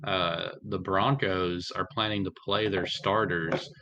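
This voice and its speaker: A man's voice: low voice, steady tone, slow, sharp tone, a little hiss or hum. A man who is a guest on a casual sports podcast, stammering through restarts as he hedges his opinions.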